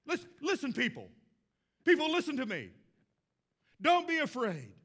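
A man's voice: extremely high pitch, wildly swooping pitch, moderate pace, a bit bright, voice pushed up, heavily acted. A man, a preacher, voicing a grand male prophet from an old epic film who commands a frightened crowd with emphatic, raised calls. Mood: commanding.

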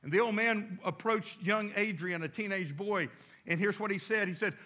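A pastor telling a story during a sermon in a church, in an animated, dramatic way. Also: male voice, high voice, moderate pace.

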